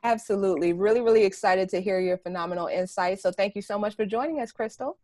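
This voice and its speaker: A woman's voice: medium pitch, quick pace, a little mellow, no room sound, studio quality. A woman hosting a podcast panel in an upbeat, enthusiastic way, speaking over a video call. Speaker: panel host.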